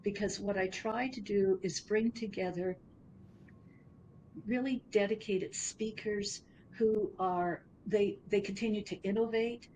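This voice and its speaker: Guest woman founder, careful and searching, faint rumble in the background. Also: steady tone, unhurried, darkish tone, low-quality recording. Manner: thoughtful, searches for words. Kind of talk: interview answers.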